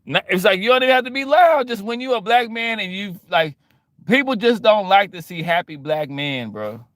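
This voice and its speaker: Animated Louisiana man ranting. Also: sits high, normal speed, dry recording, clean studio sound. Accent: Southern US, Louisiana. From Baton Rouge, Louisiana. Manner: animated, slangy, repetitive, acts out scenes. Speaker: vlogger. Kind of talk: casual storytelling rant.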